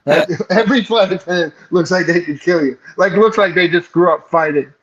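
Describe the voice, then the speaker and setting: A man's voice: high voice, brisk, muffled recording. A man on a remote call telling a rambling, profane comic story in casual chat, laughing at his own punchlines. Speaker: show regular telling a story.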